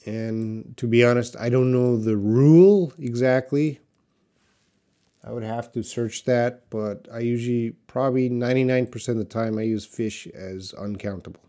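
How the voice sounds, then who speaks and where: A man teaching English on a live stream, reading out viewers' questions from the chat and answering them in a relaxed way, thinking aloud with many fillers. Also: mid-range voice, moderate pace.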